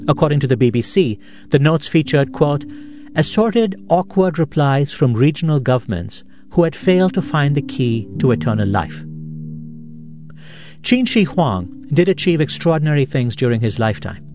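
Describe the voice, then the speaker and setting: A man hosting a podcast, giving measured, reflective scripted narration in a studio. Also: on the high side, expressive, a little mellow, soft background music. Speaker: podcast host.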